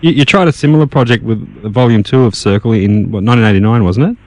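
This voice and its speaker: A man's voice: on the low side, quick pace, dry recording. An Australian man hosting a radio interview, asking plain, brief questions with small stumbles. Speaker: radio host.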